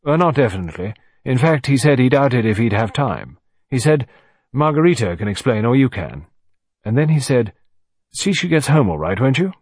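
A man voicing a bluff middle-aged naval commander in an audiobook, talking bluntly and emphatically in a slightly husky voice. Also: medium pitch, very animated, normal speed, darkish tone, no room sound. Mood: recounting.

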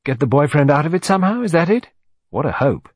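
A scornful, quick-tongued young woman, as a male narrator puts her on, her voice lifted and a little husky. She swings up and down in pitch as she dismisses things. Recorded close and dry, like a storybook reading. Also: big pitch swings, no echo. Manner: brisk and dismissive.

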